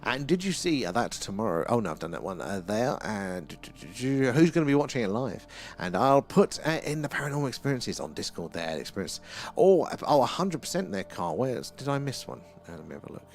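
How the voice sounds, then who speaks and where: A man's voice: medium pitch, very animated, fairly quick, soft background music. Rambling British man hosting a night livestream. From United Kingdom. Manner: rambling, lots of fillers and repeated "there". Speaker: livestream host reading viewer chat. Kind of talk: casual live-stream chat. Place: outdoors at night.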